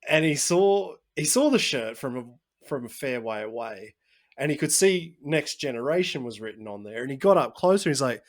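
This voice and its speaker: A man hosting a podcast, telling a story in casual chat with animated asides. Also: mid-range voice, normal speed. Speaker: podcast host.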